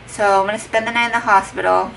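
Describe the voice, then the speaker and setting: A woman's voice: medium pitch, fairly even intonation, fast talker, vocal fry, fairly bright tone. A heavily pregnant young woman chatting casually to her vlog camera at home, retelling a conversation with lots of "like" and quoted dialogue. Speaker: vlogger. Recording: distant mic with faint background noise.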